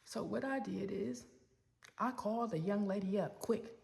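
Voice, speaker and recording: A woman with a strongly gravelly, crackling voice tells a heartfelt personal story to camera. She speaks at an average pitch and keeps addressing her listeners directly as she goes. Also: fairly even intonation, normal speed, darkish tone. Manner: heartfelt, talks straight to viewers as "y'all". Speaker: work supervisor sharing a personal story.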